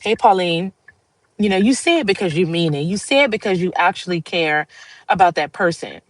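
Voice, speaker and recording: A woman's voice: fairly low pitch, animated, a little fast, no room sound, poor audio. A woman hosting a livestream, talking to viewers in a casual, heartfelt monologue. She rambles earnestly and laughs often. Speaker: livestream host.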